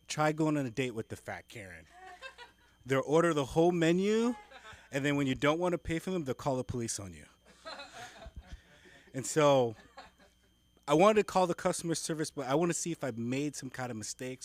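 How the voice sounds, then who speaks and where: A man doing a stand-up set on a comedy club stage, telling a story in a deadpan way. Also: medium pitch. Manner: deadpan storytelling, acts out phone calls.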